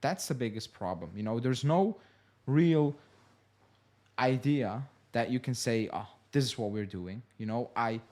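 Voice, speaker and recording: Male fan-show host, mid-pitched, emphatic and frustrated, repetitive casual commentary. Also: lively intonation, unhurried, a little mellow. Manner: frustrated, emphatic, repeats points with "you know".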